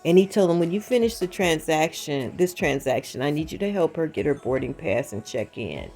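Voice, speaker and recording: Animated woman telling a story. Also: deep voice, a little fast, faint music behind. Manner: animated retelling with quoted dialogue; emphatic asides to viewers. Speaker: channel host. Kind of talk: casual storytelling vlog.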